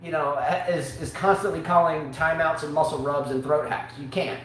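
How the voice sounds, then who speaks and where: A man co-hosting a live online sports talk show, ranting in an animated way with comic outbursts. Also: on the high side, normal speed. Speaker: show co-host. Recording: very echoey room, faint hiss.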